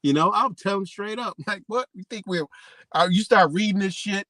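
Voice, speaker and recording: A man with a high voice hosts a livestream in a loose, profane rant. He reads stiff legal passages aloud, then swerves back into heated street talk, sounding close and dry with no room around him. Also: moderate pace, no room sound. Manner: animated and profane, swinging between reading and ranting. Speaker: livestream host. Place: home livestream setup.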